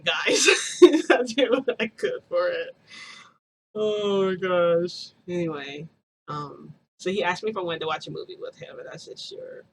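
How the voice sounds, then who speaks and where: A woman's voice: fairly low pitch, slight background noise. Giggly, gushing woman vlogger. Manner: giggly, gushing, addresses viewers as "guys". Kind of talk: chatty storytelling to viewers.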